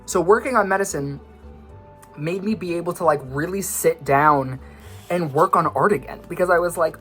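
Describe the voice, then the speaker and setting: A man's voice: fairly high pitch, moderate pace, fairly bright tone, soft background music. A young man, a vlogger and musician, talking in a casual rambling monologue, a little out of breath, jumping between tangents and poking fun at himself. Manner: scattered, tangent-prone, self-mocking. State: slightly out of breath.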